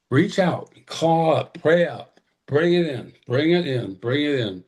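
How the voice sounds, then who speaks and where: A man's voice: fairly high pitch, lively intonation, unhurried, darkish tone. A man giving an impassioned, urgent address to a webinar audience over a video call. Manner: fervent, urgent, exhorting. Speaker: tribal representative presenter.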